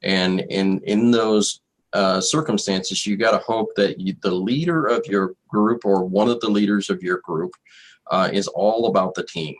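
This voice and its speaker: A man's voice: fairly low pitch, unhurried, low-quality recording. A man co-hosting a talk radio show, speaking steadily and often adding agreeing fillers. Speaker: radio co-host. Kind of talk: casual talk radio chat.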